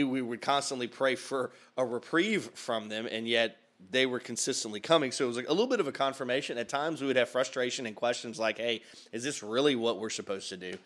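Medium in pitch with a fairly bright tone, the man is a pastor running a relaxed podcast out of his home office. He's upbeat, wanders from point to point, keeps laughing, and uses a studio microphone with headphones.

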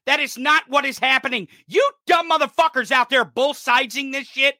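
Angry podcast guy ranting and cussing, pretty high voice, dry sound. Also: brisk, few pauses, no echo. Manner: furious, profane, shouting. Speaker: podcast host. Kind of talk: angry political rant.

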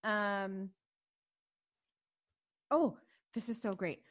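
A woman co-hosting a podcast, recapping a show in casual chat, giggly and animated with many fillers. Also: medium pitch, extremely slow. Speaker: podcast co-host.

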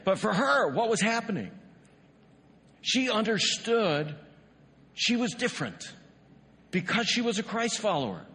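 A man's voice: high-pitched, big pitch swings, a little slow, pauses often, pushed and bright, long reverb tail. A male pastor preaching a sermon in a conversational way, often asking the congregation rhetorical questions. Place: church sanctuary.

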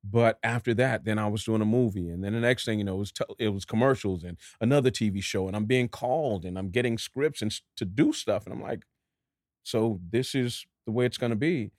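Animated man from Dallas telling stories. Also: on the low side, brisk, dry recording, clean studio sound. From Dallas, Texas. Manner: animated, acts out other voices in his stories. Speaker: actor, guest. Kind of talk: storytelling interview.

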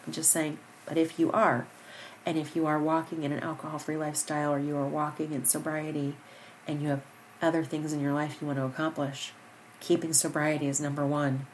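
A woman's voice: sits low, darkish tone, slight background noise, poor audio. A woman hosting a personal podcast, speaking earnestly into a microphone, tearful and fighting back crying. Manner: heartfelt, earnest, repeats herself. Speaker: podcast host. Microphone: studio microphone.

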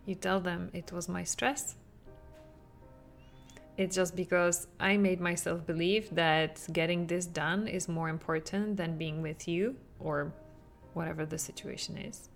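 Woman coaching parents on a podcast, kinda low, quiet music behind. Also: a little slow, vocal fry. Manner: animated, acts out quotes with laughs. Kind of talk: podcast monologue.

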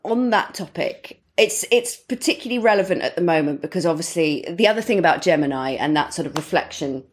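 A woman with a fairly low voice co-hosts a relaxed astrology podcast. She rambles through her ideas in a loose, chatty way and laughs often between thoughts. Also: brisk, few pauses, a little hiss or hum. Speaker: podcast co-host. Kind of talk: casual astrology chat.

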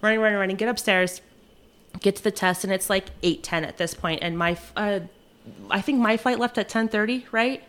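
Young woman, casual storytelling, animated, acts out quotes, laughs along, mid-pitched voice. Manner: lively, rushes and acts out quotes, laughs often. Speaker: flight attendant telling a travel story.

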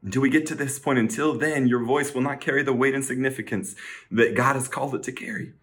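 A man delivers a sermon in an earnest, searching way. His voice sits in a middle pitch and climbs into urgent pleading as he presses his questions. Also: fairly even intonation, fast talker, a bit bright. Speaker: preacher.

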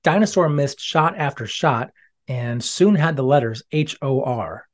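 A storyteller giving gentle, expressive children's storybook narration. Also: mid-range voice, a little slow.

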